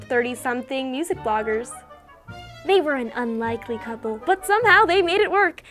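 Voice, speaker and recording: High-voiced woman narrating a satirical fairy tale. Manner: deadpan satirical storytelling. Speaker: host and storyteller.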